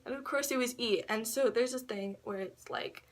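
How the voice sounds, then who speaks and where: A woman's voice: fairly high pitch, normal speed. A teenage girl telling a long personal story to camera, rambling and swearing, with frequent laughs and quoted voices. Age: teens. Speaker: vlogger. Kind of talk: casual storytelling vlog.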